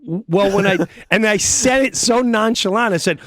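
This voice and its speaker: A middle-aged man, a comedian guest, telling an animated story in a casual studio chat and acting out the voices of the people in it. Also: sits high, moderate pace, a loud crowd. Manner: acts out voices in his stories, lively and excitable.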